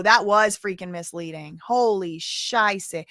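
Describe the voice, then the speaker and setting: A woman hosting a stream, reading court transcript quotes aloud with animated exclamations. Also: medium pitch, a little slow, few pauses, no room sound, studio quality. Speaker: commentary host.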